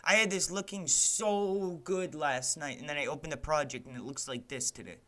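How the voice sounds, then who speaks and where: An indie game developer streams his work, his slightly high voice coming across bright and sharp at a moderate pace. His casual, rambling commentary is packed with "like" and "man" and plenty of swearing as he grows exasperated with his software.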